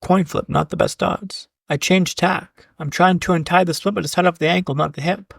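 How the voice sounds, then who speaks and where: A man's voice: high voice, fairly even intonation, normal speed, gravelly, a bit bright, no room sound, clean studio sound. A man, a keynote speaker and podcast guest, telling a story with punchy repeated beats, often addressing the host by name and swearing casually. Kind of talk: dramatic storytelling.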